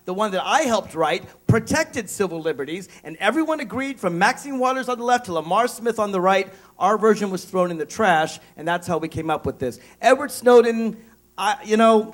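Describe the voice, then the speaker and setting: A man speaking as a congressional candidate at a forum, emphatic and quick, plugging his own show. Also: sits high.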